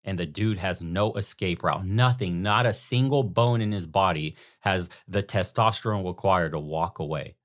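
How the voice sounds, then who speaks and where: Low-voiced mocking commentary host. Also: male voice, moderate pace, few pauses. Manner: mocking, crude, slangy. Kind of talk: reaction commentary.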